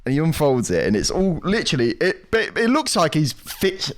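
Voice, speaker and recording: A young man co-hosting a podcast tells a story in casual chat, animated, swearing freely, and acting out what people said. His voice is fairly high in pitch at a normal speed.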